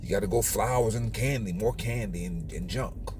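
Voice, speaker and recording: A man's voice: lowish voice, normal speed, noisy background. A man hosting his own channel, lecturing viewers in a preachy, repetitive monologue. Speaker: channel host.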